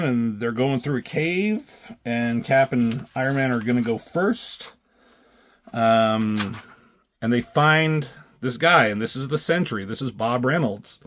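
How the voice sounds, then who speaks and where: A man giving a loose, casual recap of comic book pages, swearing freely and pausing often with filler ums. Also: mid-range voice.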